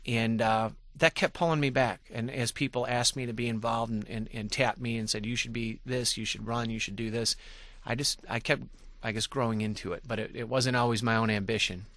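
A man's voice: mid-range voice, steady tone, brisk, fairly bright tone, no echo. A man in his forties from Michigan, a former legislator and radio guest, telling his story candidly and with self-deprecating humor, often restarting his sentences.

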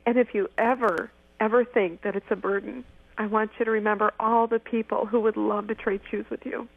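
A woman's voice: medium pitch, steady tone, brisk, creaky, dry recording. A woman in her forties from Michigan, heard over a thin, tinny phone line. She talks in an eager rush, tripping over and restarting her phrases. The sound is dry, with no room around it. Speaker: guest, former pageant winner. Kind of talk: animated storytelling interview.

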